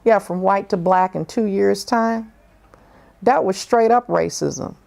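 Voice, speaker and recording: A woman giving an oral history interview, telling her experiences frankly and reflectively, with many pauses and fillers. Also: mid-range voice, creaky, a little mellow. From northern United States.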